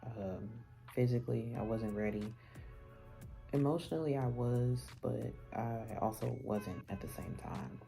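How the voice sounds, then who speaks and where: A woman's voice: rumbling low, unhurried, gravelly, mellow, soft background music. A woman vlogger telling a personal story in a candid, casual, conversational way, with many fillers and restarts.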